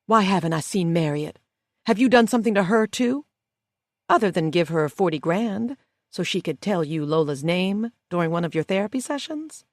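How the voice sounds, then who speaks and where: A woman's voice: fairly low pitch, lively intonation, moderate pace, a little mellow, no room sound, studio quality, close to an everyday voice. A woman voicing a young woman jailed for life, angry and raised as she pleads and accuses.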